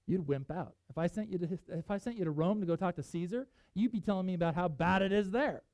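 A pastor preaching a sermon, telling a Bible story with animated delivery and reading scripture aloud. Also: medium pitch, fairly quick, no room sound, poor audio.

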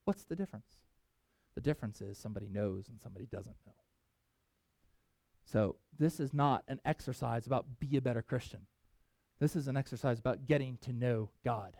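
A man preaching a sermon as pastor, animated and conversational, swinging from loud emphasis to quiet asides. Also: medium pitch, fairly quick, gravelly, long pauses, dry recording. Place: church in Wyoming.

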